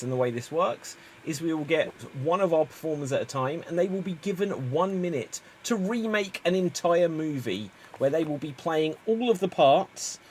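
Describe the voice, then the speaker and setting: A man hosting a live-streamed improv show, explaining games in an upbeat, brisk way. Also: a little high, slight background noise.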